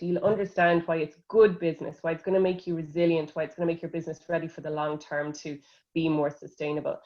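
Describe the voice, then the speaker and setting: A woman presenting a training course in a steady, clear manner. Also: on the low side. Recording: dull, muffled audio.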